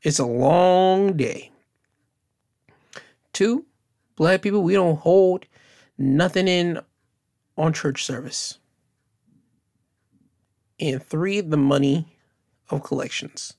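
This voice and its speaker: A man hosting a solo podcast, speaking in an unhurried way with restarts and emphatic repeats. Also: on the high side, gravelly, a little mellow. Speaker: host.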